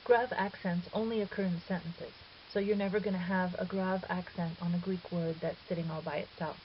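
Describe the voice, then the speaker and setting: A woman's voice: fairly low pitch, steady tone, fairly quick. A woman teaching Greek in a recorded lecture, patient and methodical, with the odd filler and self-correction. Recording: dull lo-fi recording with faint hiss.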